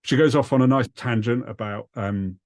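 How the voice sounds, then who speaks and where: A man teaching a comedy writing class over a video call, explaining in a relaxed way. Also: medium pitch, moderate pace, a loud crowd, very noisy.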